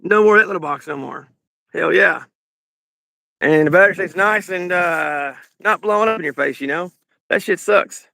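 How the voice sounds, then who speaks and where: A man's voice: high-pitched, moderate pace, creaky, bright, forceful tone, dry recording. A man with a Southern Kentucky accent hosting a garage channel, rambling and swearing in a joking way as he shows off his truck. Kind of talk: casual garage walkthrough.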